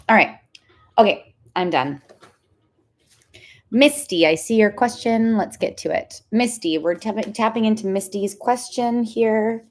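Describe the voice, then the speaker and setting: A young woman reading tarot on a livestream, chatting casually with viewers. She is excitable and says "like" a lot. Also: medium pitch. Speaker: tarot reader hosting a livestream.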